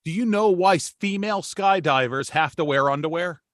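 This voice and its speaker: A man's voice: a little high, fairly quick, no room sound, clean studio sound. A man casually trading crude one-liner jokes with a friend on a podcast. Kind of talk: casual joke-telling.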